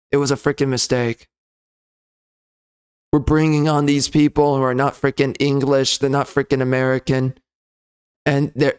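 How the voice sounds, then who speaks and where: A man delivering a loud, sneering, profane comedy rant as a game reviewer. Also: mid-range voice, smooth. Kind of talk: ranting comedy commentary.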